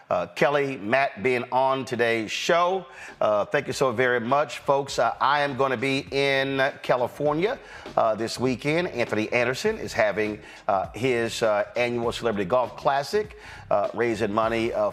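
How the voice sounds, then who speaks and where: A man hosting a news show, speaking deliberately with frequent "uh" fillers on a studio mic. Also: medium pitch. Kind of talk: news commentary and show sign-off.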